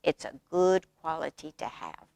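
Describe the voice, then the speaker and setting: A woman storyteller reading a picture book aloud to children, lively and asking them questions along the way. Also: deep voice, moderate pace, vocal fry, dry recording. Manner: animated, asks the children questions.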